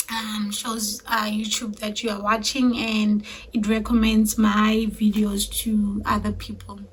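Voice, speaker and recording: A young woman talks straight to her viewers in a loose, chatty vlog, her fairly high voice often sinking into a soft, breathy near-whisper. She circles back over her words and speaks with easy warmth, with a faint hiss of noise behind her. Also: poor audio. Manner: chatty, repeats herself, warm direct address to viewers. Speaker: vlogger and mother of three. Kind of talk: casual chat to camera.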